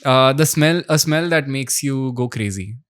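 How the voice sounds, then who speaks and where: A man with an Indian English accent hosting a podcast, asking quick quiz questions and giving short, upbeat reactions. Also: medium pitch, a bit bright, clean tone, dry recording, clean studio sound. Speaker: podcast host. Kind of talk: casual podcast interview.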